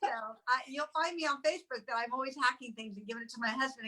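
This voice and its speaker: A woman sharing an emotional personal testimonial in halting, tearful speech with many restarts. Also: high-pitched, pushed and bright, poor audio. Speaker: guest sharing weight-loss story.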